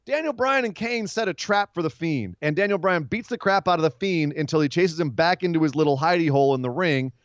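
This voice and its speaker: A man co-hosting a casual wrestling podcast, telling events in an animated way and acting out wrestlers' lines. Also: a little high, fairly quick, hardly any pauses, clear, resonant tone, no room sound. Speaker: podcast co-host. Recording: dry, dull lo-fi sound.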